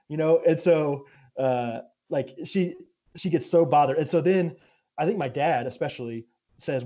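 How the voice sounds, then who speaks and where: Easygoing man with mellow tone. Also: mid-range voice, normal speed. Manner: easygoing, animated banter. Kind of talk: casual conversation. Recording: slightly dull sound.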